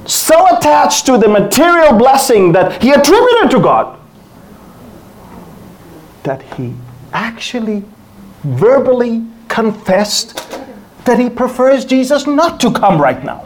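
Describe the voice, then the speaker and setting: Lively preacher for a sermon: big swoops in pitch, acts out voices, with loud peaks and hushed asides. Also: takes it slowly, long pauses, slight background noise. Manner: animated, acts out dialogue with exaggerated voices; swings between loud exclamations and hushed asides. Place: church before an audience.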